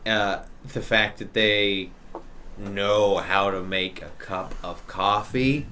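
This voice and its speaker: A man's voice: lowish voice, fairly even intonation, slow pace, pushed and bright, a little hiss or hum. Rambling man running a tabletop game. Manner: loose, rambling, many restarts. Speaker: dungeon master.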